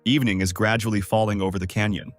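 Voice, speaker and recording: A man's voice: lowish voice, quick pace, no echo, faint music behind. A man narrating a comic story recap in a scripted storytelling voice. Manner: steady storytelling voice that swings into character voices.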